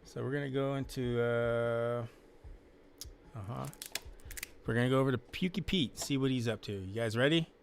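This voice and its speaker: A man's voice: medium pitch, normal speed, gravelly, long pauses, slight background noise. A man hosting a casual live stream, joking loosely and reading out viewer comments.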